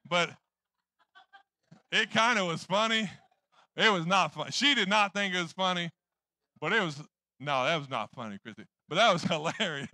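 A male pastor preaching a sermon, telling a personal story in an animated, jokey way and acting out what people said. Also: a little high, moderate pace, no room sound, clean studio sound. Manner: animated, jokey storyteller acting out his own past lines.

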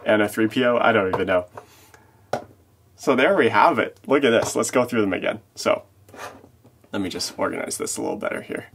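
A man's voice: on the low side, sing-song, moderate pace, vocal fry, long pauses, fairly bright tone, a little hiss or hum. A man hosting a casual toy showcase vlog, easygoing and chuckling between remarks. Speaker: toy channel host.

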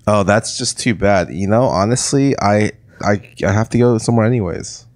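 A man's voice: on the low side, moderate pace. A young man co-hosting a casual podcast, teasing his friends and laughing a lot. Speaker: podcast co-host.

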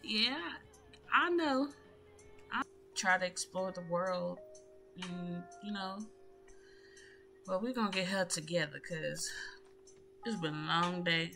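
A woman talking through her game in a casual, chatty way, slangy and direct with her viewers. Her voice sits fairly low, with music playing behind her. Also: slow pace, gravelly, pauses often, sharp tone. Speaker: gaming YouTuber. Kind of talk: casual gameplay commentary.

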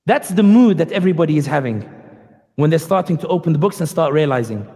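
A man's voice: on the high side, expressive, fast talker, mellow, husky. Passionate male lecturer in a hall. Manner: passionate, sarcastic, acts out quotes. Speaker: guest speaker. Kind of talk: public lecture. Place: community hall. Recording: long hall reverb.

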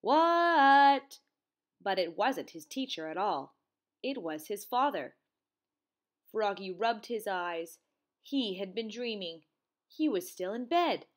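A woman teacher reading a children's storybook aloud, in an expressive, sing-song way. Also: medium pitch, unhurried.

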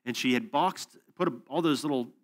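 A man's voice: medium pitch, brisk. Conversational man preaching with anecdotes. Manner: storytelling, conversational with asides and fillers. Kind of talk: conference teaching session.

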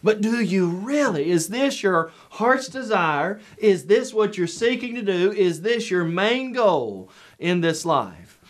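A man preaching a televised sermon lesson, measured and emphatic, with repeated rhetorical questions. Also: high voice, sing-song.

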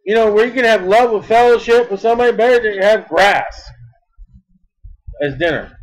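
A man preaching a sermon in an emphatic style, repeating words and swinging between loud bursts and soft asides. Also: sits high, moderate pace, low-quality recording.

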